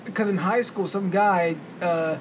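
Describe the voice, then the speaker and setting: A man's voice: high voice, unhurried. A man co-hosting a podcast in casual chat, teasing his friend and telling jokey stories. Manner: teasing, joking storyteller. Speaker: podcast co-host. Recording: noisy room ambience.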